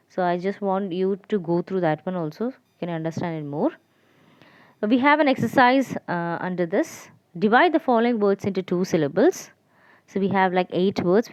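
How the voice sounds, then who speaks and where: A woman teacher giving a lesson to children, repeating and spelling out letters slowly. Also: medium pitch, darkish tone, dry recording. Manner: slow, repetitive, spelling out letters.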